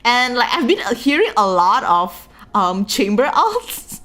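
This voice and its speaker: A woman's voice: fairly high pitch, sing-song, a little slow, a bit bright, faint music behind. A young woman from Indonesia with an Indonesian English accent touched by Singlish, chatting casually and giggly as a streamer. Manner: chatty, giggly, lots of fillers. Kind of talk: casual chat.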